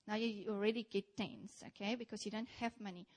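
A woman's voice: mid-range voice, a little fast. A young South African woman giving a sermon in a church, telling stories and speaking straight to her listeners. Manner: animated storytelling, addresses the congregation directly.

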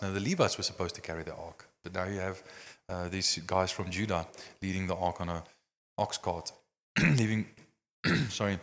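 A man preaching a sermon, telling a Bible story with lively gestures and many "I mean" and "you know" fillers. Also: fairly low pitch. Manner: animated storytelling, acting out scenes. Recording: long hall reverb.

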